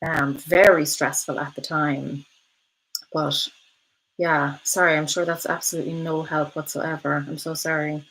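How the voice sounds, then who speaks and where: A woman in her thirties hosts a live stream and talks through viewer comments in a loose, chatty way. Her voice sits a little low for a woman. She fills her pauses with ums and laughs easily. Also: flat delivery, fairly bright tone, rough recording. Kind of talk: casual live-stream chat.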